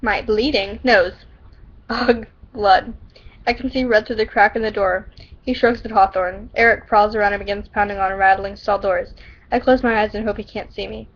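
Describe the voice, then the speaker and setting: A woman's voice: medium pitch, fairly even intonation, moderate pace. Giggly woman reading her story aloud. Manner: giggly, stumbles over words. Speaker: amateur storyteller. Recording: dull lo-fi recording.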